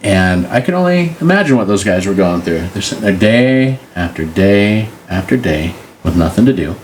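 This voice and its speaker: Deep-voiced man telling stories. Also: lively intonation, normal speed, slight background noise. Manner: joking, acts out silly voices in the stories. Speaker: podcast co-host. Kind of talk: casual storytelling chat.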